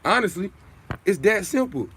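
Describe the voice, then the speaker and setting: A man's voice: high voice, sing-song, moderate pace, fairly bright tone, a little hiss or hum. A young man hosting a casual livestream, talking in streetwise slang in a preachy way, often repeating his points. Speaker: livestream host.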